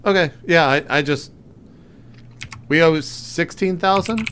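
A man's voice: fairly high pitch, measured pace, a bit bright, a little hiss or hum. A man chatting loosely as a player in a tabletop game on a video call, laughing often. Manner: loose, laughing, stumbling restarts. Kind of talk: casual role-play chat. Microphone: webcam mic on a video call.

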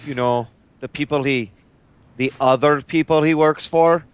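A man's voice: fairly high pitch, steady tone, measured pace, smooth. A man playing a tabletop game in character, blunt and profane with a drawl. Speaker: player. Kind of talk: in-character role-play.

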